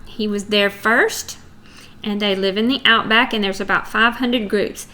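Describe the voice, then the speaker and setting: A woman's voice: medium pitch, steady tone, a little slow, pushed and bright. A middle-aged woman with a Texan accent teaching a chatty geography lesson to young students in a screen recording.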